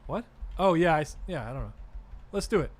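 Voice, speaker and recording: A man's voice: fairly high pitch, expressive, brisk. A young man streaming a video game, chatting casually with crude jokes and reading chat aloud.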